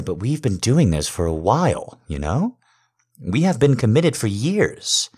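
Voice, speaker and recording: A man speaking to a partner in an intimate role-play monologue, earnest and pleading, swinging from hushed to loud. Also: fairly low pitch, breathy edge. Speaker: partner persuading someone to have a baby.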